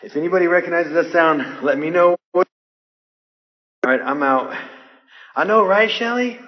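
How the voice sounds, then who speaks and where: A man's voice: fairly high pitch, normal speed, no echo. A man filming in an open field in stormy weather and talking to someone on the phone, uneasy about a strange sound. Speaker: vlogger filming outdoors. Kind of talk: casual live narration to a phone call. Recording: dull phone recording with loud outdoor noise.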